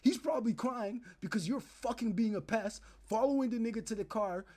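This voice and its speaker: A young man streaming, ranting to his chat in animated, profane commentary and acting out the people he talks about. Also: very high-pitched, a little fast. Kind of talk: casual commentary to live chat.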